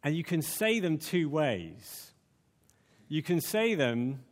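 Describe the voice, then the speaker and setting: A man's voice: a little high, sing-song, slow pace, big-room sound. A man preaching a conversational sermon, full of fillers and restarts.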